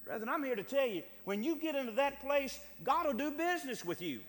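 A man preaching a sermon with fervor, often repeating words and restarting phrases, and building to shouted cries. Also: extremely high pitch, lively intonation, brisk. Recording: long hall reverb.

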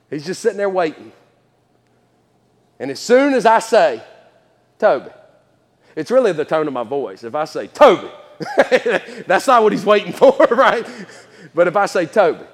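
A man's voice: fairly high pitch, long reverb tail. A man preaching a sermon in church, folksy and chatty, laughing often and repeating his words.

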